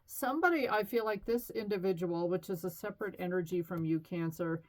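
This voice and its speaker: A woman's voice: on the low side, fairly quick. A middle-aged woman giving a casual tarot reading in a chatty, reassuring way, with fillers and light laughs. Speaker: tarot reader.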